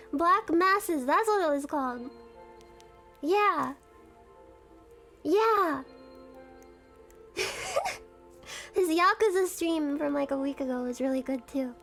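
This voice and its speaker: Young woman streamer, very high, giggly, rambling casual chat. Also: lively intonation, takes it slowly, pauses often, a bit bright, soft background music. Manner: giggly, rambling, self-conscious fangirling.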